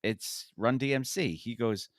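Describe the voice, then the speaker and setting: A man's voice: medium pitch, measured pace, dry recording, clean studio sound. A middle-aged man hosting a podcast, telling stories in casual chat. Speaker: podcast host.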